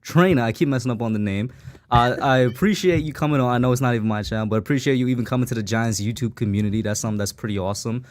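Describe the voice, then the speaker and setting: A man's voice: medium pitch, very fast. A man who makes fan videos on YouTube, chatting in a friendly way with easygoing slang. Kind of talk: casual stream chat.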